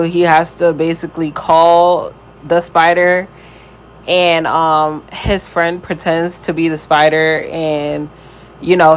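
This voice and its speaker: A man giving a casual spoken review of a show, rambling in a relaxed, slangy way and filling pauses with "um" and "like". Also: fairly high pitch, slight background noise, poor audio. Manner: rambling, filler-heavy, with frequent "um" and "like"; slangy and laid-back.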